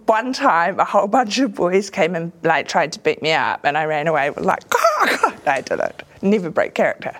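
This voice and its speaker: A woman's voice: lowish voice, normal speed, hardly any pauses. A woman with a New Zealand accent, a comedian and actor telling casual anecdotes in an interview, acting out voices and laughing often. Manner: lively storyteller who acts out voices and laughs often.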